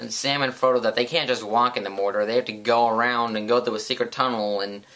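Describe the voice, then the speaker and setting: Sarcastic ranting guy, bright voice. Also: medium pitch, steady tone, quick pace. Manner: sarcastic, profane, rambling. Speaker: vlogger. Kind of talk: comedic rant.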